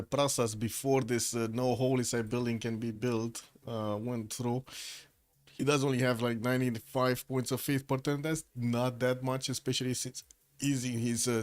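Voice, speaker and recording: A man giving casual solo commentary on a strategy game match, rambling with frequent pauses and restarts, and he has the hiccups. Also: medium pitch, a little mellow. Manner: rambling, hesitant, many uh fillers and restarts. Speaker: esports caster.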